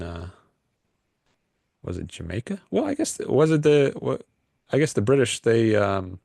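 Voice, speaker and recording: A man hosts a call-in livestream, chatting casually but rambling and hesitant, with lots of filler words. His voice is deep and darkish with vocal fry, recorded dry at studio quality.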